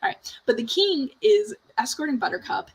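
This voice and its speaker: A woman's voice: sits high, big pitch swings, moderate pace, vocal fry, slight background noise, poor audio. A woman hosting a casual chat show, retelling movie scenes with lots of fillers. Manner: chatty, laughs easily. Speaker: podcast host.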